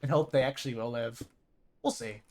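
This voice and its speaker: A man chatting casually while streaming a game live, rambling excitably and tripping over repeated words as he gets going. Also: medium pitch, brisk. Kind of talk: casual live gaming commentary.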